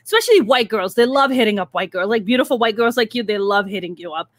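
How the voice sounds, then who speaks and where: A woman's voice: mid-range voice, expressive, fast talker, dry recording. A woman hosting a casual interview who talks bluntly and animatedly and swears freely. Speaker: podcast host.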